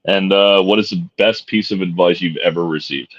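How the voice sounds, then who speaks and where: Middle-aged male co-host, very low and easygoing, swears freely and jokes, muffled lo-fi audio. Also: normal speed, fairly bright tone. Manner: laid-back and profane, jokey. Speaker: podcast co-host. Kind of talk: casual chat. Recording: dull lo-fi sound.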